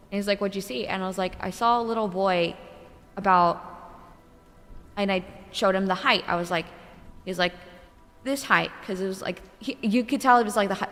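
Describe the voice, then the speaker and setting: A young woman streamer telling a true ghost story in a casual, animated way, swearing and laughing between lines. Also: mid-range voice, long reverb tail. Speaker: VTuber streamer.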